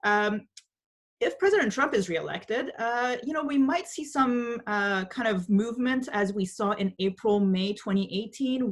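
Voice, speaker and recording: A woman giving measured, analytical panel remarks over a video call, hedging often with small fillers. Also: mid-range voice. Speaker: panel speaker.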